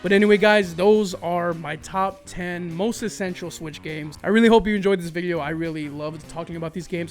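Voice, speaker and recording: Upbeat guy with a high voice talking games for his channel, soft music behind. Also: a little fast, few pauses. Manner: enthusiastic, gushing, with happy whoops. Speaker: video host. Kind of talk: casual game review monologue.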